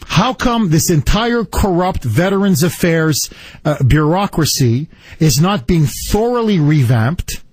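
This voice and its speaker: Indignant talk radio host, husky and high. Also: male voice, expressive, unhurried, darkish tone, dry recording. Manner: indignant, emphatic, repetitive. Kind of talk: political talk radio monologue.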